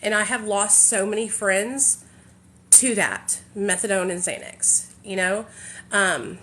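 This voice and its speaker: A woman in her 30s hosts a casual livestream from her living room on a phone, chatting candidly with viewers and swearing freely. Her mid-range voice is slow, pushed, and bright, with slight background noise.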